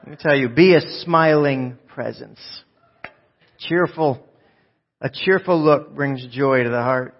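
A man preaching a live sermon to a church congregation, joking and swinging from loud bursts to soft, low asides. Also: unhurried, muffled recording. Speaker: pastor.

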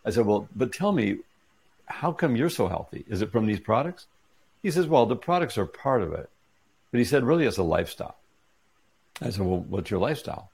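Middle-aged man, storytelling guest: deep, husky, gravelly voice, acts out the quoted lines. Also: fairly quick, long pauses. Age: 40s or 50s. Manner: animated retelling with quoted dialogue. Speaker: interview guest. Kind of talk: casual storytelling.

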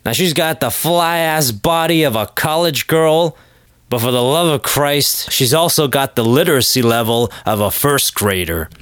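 A man talking alone into the mic in a crude, joking monologue. His voice sits at a middle pitch and he bursts into loud, high exclamations. The sound is dry and close, with no room echo. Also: measured pace. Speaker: podcast host. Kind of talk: casual comedic monologue.

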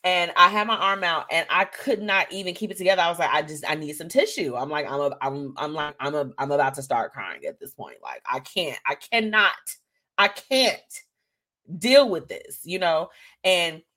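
A woman's voice: lowish voice, normal speed, bright, forceful tone. A woman hosting a live show, talking candidly and emotionally to her listeners and calling them y'all. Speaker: host.

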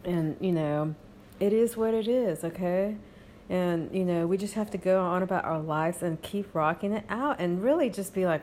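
Rambling woman with a lowish voice. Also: normal speed, a little mellow, a little hiss or hum. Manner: rambling, frequent fillers, reassuring asides with "okay?". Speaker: podcast host. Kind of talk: casual monologue. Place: home.

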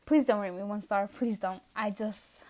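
A woman's voice: medium pitch, fairly even intonation, moderate pace, a little mellow. A young woman hosting a casual solo podcast rant from home, rambling and self-mocking, a little out of breath. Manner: rambling, self-mocking, drifts into trailing asides. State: a bit out of breath. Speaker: podcast host. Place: at home, indoors.

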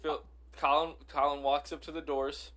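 A man co-hosting a casual podcast, telling an improvised story with giggles and halting starts. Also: fairly high pitch, flat delivery, a bit bright. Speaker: podcast co-host.

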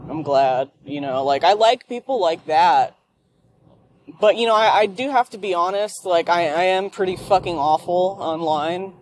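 A woman's voice: lowish voice, normal speed, darkish tone, a little hiss or hum. A woman ranting and swearing in a rambling monologue while she drives home. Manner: profane, ranting. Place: car.

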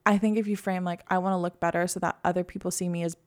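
A young woman co-hosts a relaxed chat podcast and talks freely about her life and plans. She is chatty and upbeat and fills her sentences with lots of casual fillers. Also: on the low side, rapid-fire. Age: young adult. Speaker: podcast co-host.

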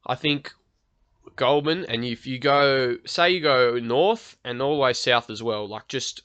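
Bright-voiced young Australian man, swearing. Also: mid-range voice, measured pace, dull audio. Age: young adult. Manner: crude, swearing, rambling with restarts. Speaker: podcast guest. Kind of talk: casual chat.

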